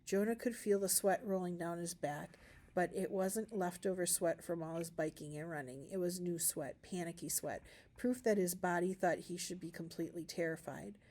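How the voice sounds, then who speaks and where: A woman reading a novel aloud for a school class, narrating calmly with small shifts of voice for the characters. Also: fairly low pitch, normal speed. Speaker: reader.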